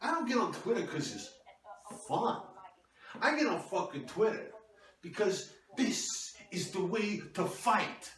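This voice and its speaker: A man's voice: high voice, very animated, measured pace, fairly bright tone, pitched above the performer's own voice, heavily acted. Raised-voice online crusader ranting like he's at war, a comedian puts him on, echoey room, mic far off. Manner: profane, bullying, bombastic war talk. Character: ranting, self-important online free-speech warrior, man. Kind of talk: comedic character sketch.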